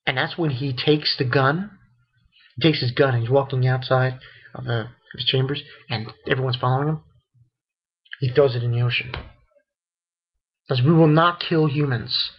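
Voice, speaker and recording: A man talks through an anime episode in a casual, rambling way, restarting his sentences often. His voice is husky and of middle pitch. The recording sounds dull and lo-fi. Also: steady tone, moderate pace, pauses often. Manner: rambling, many restarts and fillers. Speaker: anime reviewer. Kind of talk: casual spoken review.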